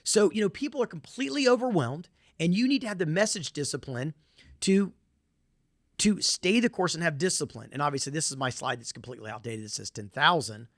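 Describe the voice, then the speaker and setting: A man's voice: on the high side, animated, brisk, fairly bright tone, no echo, clean studio sound. A middle-aged man with a Southern US accent, giving a conference presentation in an emphatic, repetitive way with folksy asides.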